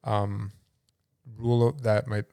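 A man's voice: fairly low pitch, little pitch movement, slow, gravelly, dark tone, clean tone, no room sound. A man co-hosting a podcast in casual chat, matter-of-fact, correcting the others with numbers. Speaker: podcast co-host.

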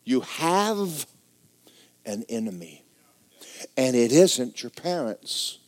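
A middle-aged man preaching a folksy, joking sermon in a church, swinging between loud exhortation and quiet asides. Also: mid-range voice, sing-song, slow pace. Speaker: pastor.

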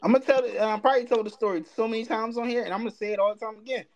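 A man co-hosting a podcast, telling stories in casual, lively chat. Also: sits high, very fast, muffled recording. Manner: lively storytelling, jumps between voices. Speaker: podcast co-host.

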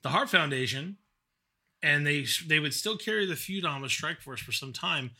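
A man's voice: on the high side, lively intonation, moderate pace, sharp tone. A man co-hosting a casual podcast chat, often restarting his sentences as he thinks. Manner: hesitant, repeats words while thinking. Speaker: podcast co-host.

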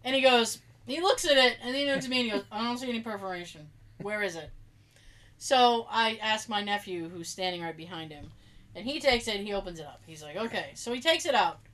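A woman with a high, bright voice that swings widely in pitch tells a story in a casual podcast chat. She is animated and profane and slips into voices for the people in her story. Her delivery is sharp and lively throughout. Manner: animated, profane, acts out family members' voices. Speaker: podcast co-host.

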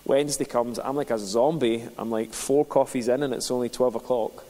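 A man's voice: medium pitch, steady tone, normal speed, dark tone. A man, a pastor telling a personal story in a sermon with a conversational manner. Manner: conversational, builds to passionate preaching. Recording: long hall reverb.

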